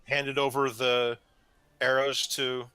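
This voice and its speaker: A calm, polite man taking his turn in a tabletop game. His voice is bright and forceful, and it is recorded close and dry. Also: medium pitch, slow, clear, resonant tone, dry recording, low-quality recording. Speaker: player. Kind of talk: casual tabletop play.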